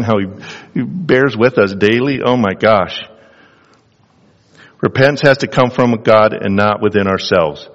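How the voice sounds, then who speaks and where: A man preaching a sermon, asking the congregation rhetorical questions and pressing his points with rising emphasis. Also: medium pitch. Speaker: pastor. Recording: dull, reverberant hall sound.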